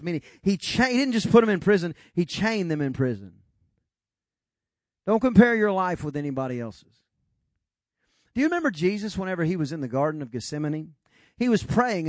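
A man's voice: high-pitched, dry recording. A man preaching a sermon as pastor, emphatic and building to dramatic retellings of scripture.

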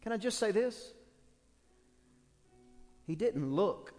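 A male pastor preaching a sermon, telling stories with lively acted-out quotes. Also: fairly high pitch, takes it slowly, long pauses, soft background music. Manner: animated storytelling with acted quotes. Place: church. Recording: long hall reverb.

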